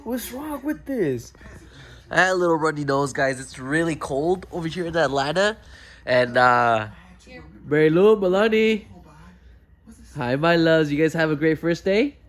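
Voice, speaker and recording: A man's voice: a little high, moderate pace. A man filming a casual family vlog, chatting to the camera as he walks around a rural house and backyard. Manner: chatty, talks to the camera while walking around. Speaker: family vlogger, father.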